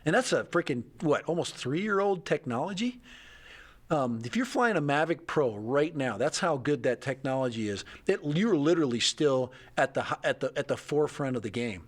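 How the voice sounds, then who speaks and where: A man's voice: on the high side, animated, moderate pace. A middle-aged man hosting a live stream, chatting casually and rambling, often restarting his sentences and laughing.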